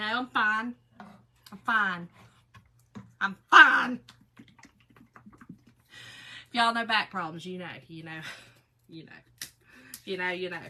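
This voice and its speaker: A woman's voice: fairly high pitch, sharp tone, slight background noise. A woman, hosting a casual craft livestream and chatting folksily with viewers while she works.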